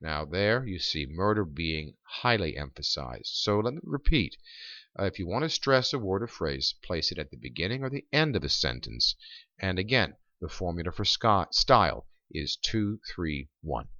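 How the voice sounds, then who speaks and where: A low-pitched man lectures on writing over slides, his voice bright and forward. He explains step by step and fills pauses with ums and uhs. The recording is dry and dull, like a lo-fi voice-over. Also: big pitch swings, dry recording. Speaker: college writing instructor.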